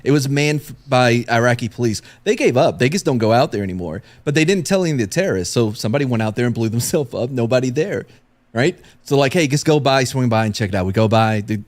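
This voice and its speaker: A man spins a crude war story on a casual podcast. His pitch swings widely as he acts out the people in it, and he swears freely. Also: fast. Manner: animated, profane, acts out quoted voices. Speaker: guest telling a war story.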